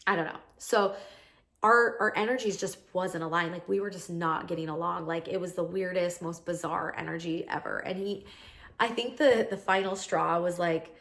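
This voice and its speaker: A woman's voice: on the low side, steady tone, normal speed, gravelly, a bit bright. A woman in her thirties hosting a podcast, telling a story in a casual, chatty monologue full of "like". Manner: chatty, peppered with "like", acts out quoted lines. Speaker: podcast host.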